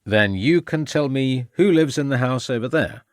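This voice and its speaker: Voicing a determined Victorian police inspector, a man questions people formally and urgently. His medium-pitched delivery is lively at a moderate pace, set above his own natural register yet still sounding natural. The studio-quality recording has no echo.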